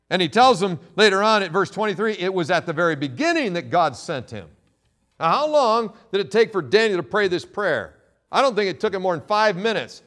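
A male pastor preaching a sermon, reading scripture and swinging between loud emphatic quotes and quiet asides. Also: sits high, expressive, a little fast.

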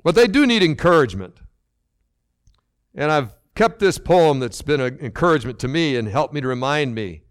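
A man's voice: fairly high pitch, animated, moderate pace, smooth, dry recording. Older guy pastor giving a sermon, earnest, voice bounces around a lot, dry close sound. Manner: earnest, repeats phrases for emphasis.

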